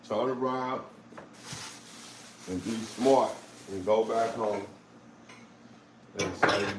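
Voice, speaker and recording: A man's voice: on the low side, drawn-out words, pauses often. A man with a St. hosting a casual live chat. He talks in a streetwise way and repeats phrases. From St. Louis. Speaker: live stream host. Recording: roomy with faint background noise.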